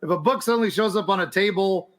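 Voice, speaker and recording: A man's voice: sits high, fast. A man co-hosting a podcast, chatting casually and rambling a little while answering listener questions. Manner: relaxed, rambling, hesitant with ums. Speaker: podcast co-host.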